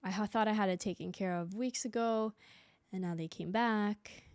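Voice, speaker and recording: A young adult woman hosting a solo podcast, chatting casually and telling stories with quick restarts and voices for other people. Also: mid-range voice, darkish tone, clean tone, no echo. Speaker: podcast host. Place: home room.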